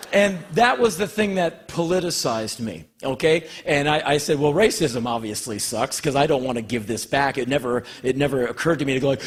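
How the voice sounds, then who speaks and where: A man in his fifties from Washington, D.C. tells a stand-up monologue, intense and profane, often bursting into shouts. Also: mid-range voice, fairly quick, husky. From Washington, D.C., United States. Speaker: spoken-word performer. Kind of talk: stand-up spoken-word monologue.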